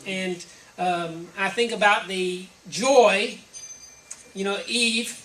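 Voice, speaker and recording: A woman's voice: medium pitch, fairly even intonation, slow pace, a bit bright, a little hiss or hum. A woman giving a conversational, reflective sermon, listing examples one by one, recorded from a distance in a church hall. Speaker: preacher. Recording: roomy echo from a distant mic, faint ambience.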